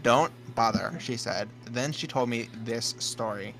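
A man's voice: mid-range voice, a little slow, rough recording. Man reading a spooky story aloud. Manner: stumbles and restarts, laughs mid-sentence. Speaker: podcast co-host. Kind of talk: reading a scary story aloud, casual chat.

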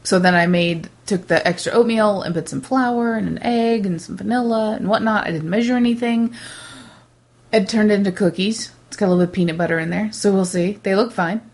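A woman co-hosting a podcast in casual chat, talking in a rambling, animated way with many restarts. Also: mid-range voice, fairly quick. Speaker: podcast co-host.

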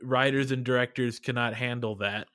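A man's voice: medium pitch, unhurried, a bit bright, no room sound. A man co-hosting a podcast in casual chat, laid-back and hesitant, often laughing. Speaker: podcast co-host.

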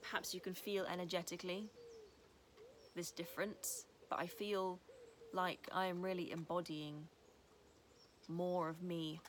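A woman's voice: fairly low pitch, slight background noise. A young woman talking in an earnest, rambling way as a vlogger, sometimes baby-talking to dogs. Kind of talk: casual spiritual vlog. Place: house, indoors and outdoors with dogs.

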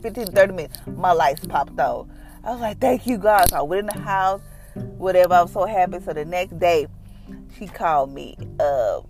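Woman, mother, personal faith testimony, chatty retelling with quoted dialogue, earnest prayer, faint music underneath. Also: on the low side.

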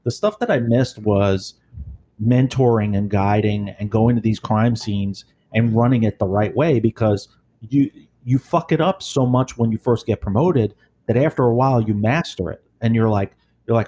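A former police supervisor chatting casually, telling blunt, profane, rambling stories. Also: male voice, medium pitch, moderate pace, mellow, slight background noise. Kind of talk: casual storytelling chat.

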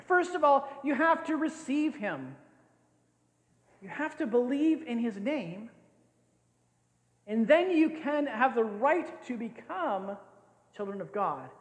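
A man's voice: very high voice, very animated, takes it slowly, pauses often. An older man preaching a sermon as a pastor, playful and often laughing as he acts out scenes. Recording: echoey hall with long reverb.

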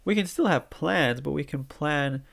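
A man with a blocked nose and a nasal voice, giving a gentle, reflective spiritual talk. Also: a little high, expressive, unhurried, gravelly.

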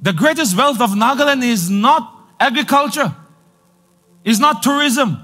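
A male pastor preaching a sermon, repeating lines for emphasis and building to loud declarations. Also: extremely high pitch, animated, a little slow, soft background music.

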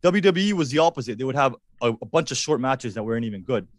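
A man from Canada, a guest on a podcast, chatting casually and excitedly about wrestling, laughing often. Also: mid-range voice, fast talker, dry recording. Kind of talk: casual chat.

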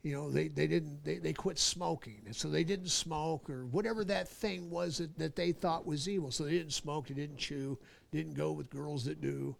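A man preaching a sermon in an emphatic way, repeating key phrases and slowing down to stress words. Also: fairly high pitch, fairly even intonation, gravelly.

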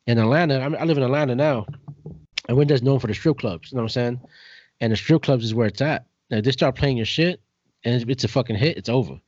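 A man's voice: medium pitch, quick pace, a little mellow, no room sound. Man, podcast host, laid-back, profane, dull lo-fi sound. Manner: laid-back, profane, keeps saying "you know what I'm saying". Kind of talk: casual podcast chat. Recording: dull, dry lo-fi recording.

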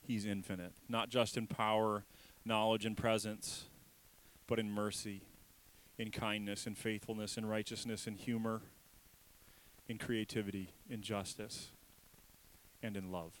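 A man preaching a sermon as a pastor, emphatic and repetitive, swinging between raised passages and hushed ones. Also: on the low side, little pitch movement, unhurried, a little hiss or hum, low-quality recording.

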